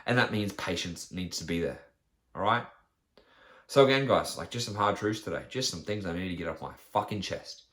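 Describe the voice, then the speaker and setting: Man, fitness trainer, blunt podcast rant, profane, slightly low voice. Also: fairly bright tone. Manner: blunt, profane, rants with mocking quoted voices.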